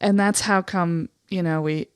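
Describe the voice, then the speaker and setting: A woman's voice: on the low side, steady tone, unhurried, clean tone, no room sound, studio quality. A woman in her thirties co-hosting a podcast, chatty and supportive, with plenty of "like" and "um" fillers. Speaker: podcast co-host. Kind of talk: casual chat.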